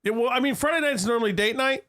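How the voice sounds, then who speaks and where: A man's voice: extremely high pitch, fast talker, a bit bright. A man co-hosting a casual podcast, talking loosely and swearing while drinking. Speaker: podcast co-host. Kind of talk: casual chat.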